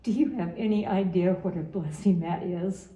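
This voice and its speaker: A woman's voice: lowish voice, fairly even intonation, normal speed, warm tone, echoey room, low-quality recording. A woman in her seventies from Utah, giving a heartfelt farewell message to her grandson, earnest and often repeating her phrases. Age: 70s.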